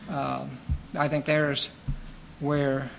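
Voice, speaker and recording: A man preaching a sermon in an earnest, measured teaching manner, pausing with fillers and restarting phrases. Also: mid-range voice, flat delivery, creaky, slight background noise, poor audio.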